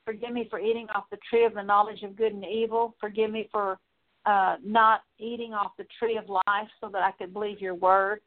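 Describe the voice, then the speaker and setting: A woman leading a spoken prayer of repentance, earnest and steady, working through a long list with frequent small fillers. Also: mid-range voice, a little fast. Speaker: prayer minister. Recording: tinny phone-like line.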